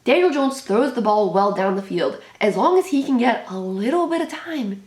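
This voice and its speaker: A woman's voice: on the high side, animated, moderate pace, a little mellow, reverberant. A young woman hosting a live reaction to a football game, anxious and exclaiming, often repeating herself. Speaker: sports channel host reacting live.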